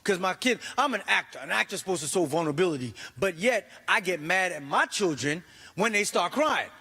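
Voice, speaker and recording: Middle-aged male stand-up comic, high pitched and animated, performing in a reverberant hall. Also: brisk, husky. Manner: animated, exclaiming, acting out voices. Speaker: stand-up comedian. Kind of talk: stand-up comedy set. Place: church comedy stage.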